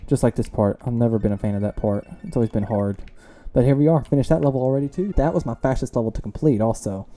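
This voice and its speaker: A young man casually commenting while he plays a video game, chatty and self-mocking, with sudden loud reactions to close calls. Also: medium pitch, fast, faint music behind. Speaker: let's play gamer.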